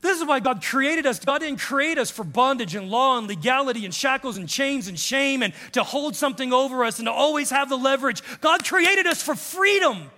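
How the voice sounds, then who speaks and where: In a church sanctuary, a pastor of about fifty preaches an impassioned sermon, swinging from hushed tones to shouting and acting out other people's voices. His male voice is very high-pitched and fairly quick with hardly any pauses, echoing like a large hall.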